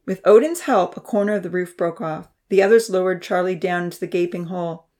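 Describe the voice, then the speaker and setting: A woman narrating a children's storybook, voicing the characters with a higher pitch and dropping to a whisper for quiet thoughts. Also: a little fast. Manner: reads characters' lines with raised pitch and soft whispers.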